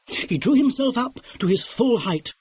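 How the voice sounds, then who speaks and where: A man narrating a classic mystery novel as an audiobook, with wry, expressive storytelling. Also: very high voice, normal speed, husky, no echo.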